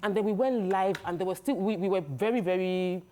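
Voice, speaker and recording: A woman's voice: mid-range voice, fairly quick, a little mellow. A woman, a talk show co-host, reminiscing earnestly in casual chat. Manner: earnest, reminiscing with small laughs.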